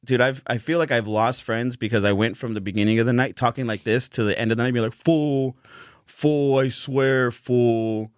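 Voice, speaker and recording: A man who is a comedian, guest on a podcast, telling stories in an animated, playful way. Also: mid-range voice, fast, hardly any pauses, no room sound, studio quality. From Mexican-American. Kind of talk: casual chat.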